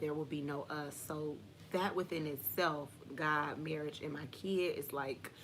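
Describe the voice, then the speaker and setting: A young adult woman hosts a live Q&A stream, chatting candidly and casually with plenty of slang and "like." Her voice is low and slightly bright, with a little background noise.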